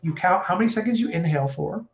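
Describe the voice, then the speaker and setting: A man coaching casually on stress and breathing, animated and acting out quoted speech. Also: high-pitched, fast talker. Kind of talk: casual advice talk. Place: home room with a puppy. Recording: echoey room, dull sound, faint noise.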